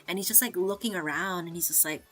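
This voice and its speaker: Talking fast in a fairly low but bright voice, a woman VTuber streamer shares a story during casual chat. She curses freely, peppers everything with "like," and imitates those she's quoting.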